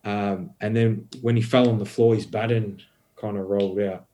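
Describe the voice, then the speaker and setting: Speaking at normal speed in a lowish voice, a man appears as a podcast guest and spins a long, animated, rambling story full of fillers and heavy swearing. There's a little hiss or hum in the audio.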